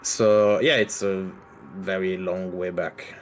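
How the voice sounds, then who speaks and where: A man's voice: low-pitched, level tone, takes it slowly, a little hiss or hum. French-accented man chatting with easy laughs. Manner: laughs often, restarts words, teasing. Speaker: guest author. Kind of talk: casual chat.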